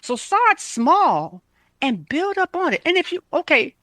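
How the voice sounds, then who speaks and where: A woman's voice: very high-pitched, big pitch swings, unhurried, fairly bright tone, no room sound. A woman health coach giving casual, emphatic self-care advice, repeating her points.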